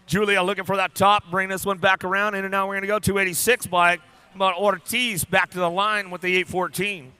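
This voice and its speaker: A man with a high, very bright voice calls races live from a BMX track. His delivery is smooth and clear, rapid-fire and playful, and he jokes with the riders and crew between names. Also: dry recording. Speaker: race announcer. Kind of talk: live race commentary.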